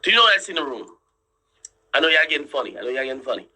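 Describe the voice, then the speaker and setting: A man's voice: medium pitch, very animated, rapid-fire, sharp tone, breathy edge, rough recording. A man telling his viewers a story in casual chat, insistent, repeating himself and swearing freely as he explains. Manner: draws on screen while explaining. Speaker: streamer and commentator.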